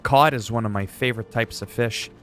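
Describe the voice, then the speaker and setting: A man's voice: medium pitch, fairly quick, a bit bright, soft background music. A man streaming games, chatting in a rambling, joking way with some swearing. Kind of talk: casual chat while gaming.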